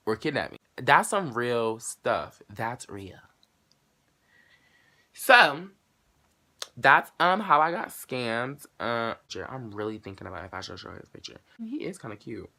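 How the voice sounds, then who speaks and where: This late-teen vlogger speaks slowly in a creaky voice, pausing often as he tells a lively, cursing story to camera. He plays out both halves of the exchange with abrupt changes in pitch and volume.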